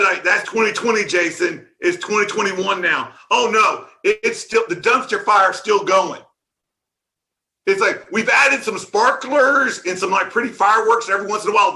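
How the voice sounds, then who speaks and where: Man, conference talk, sarcastic, ranting, high voice, very bright tone. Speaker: conference speaker. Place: conference stage.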